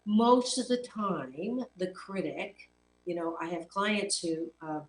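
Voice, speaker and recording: A woman's voice: fairly low pitch, takes it slowly. Earnest woman coach, echoey and distant. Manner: earnest, emphatic, repeats words while searching. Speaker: talk show host and life coach. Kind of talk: motivational talk to camera. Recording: echoey room heard from a distance, faint hum.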